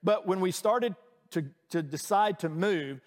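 A man's voice: high voice, measured pace, long reverb tail. A man preaching a sermon as a pastor, telling a personal story in a conversational way with frequent restarts.

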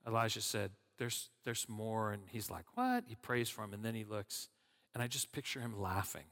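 A man's voice: fairly low pitch, steady tone, a little fast, sharp tone, long reverb tail. A man preaching a casual sermon as a guest speaker, chatty with many fillers and restarts. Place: church sanctuary.

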